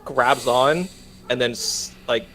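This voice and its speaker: A man's voice: mid-range voice, takes it slowly, bright, forceful tone. A man playing a tabletop game, describing things playfully and laughing often. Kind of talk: casual tabletop game play.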